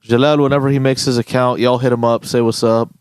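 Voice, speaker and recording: A young man hosting a podcast, ranting in a casual, profane, animated way. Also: mid-range voice, fast talker, clean tone, dry recording. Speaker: podcast host.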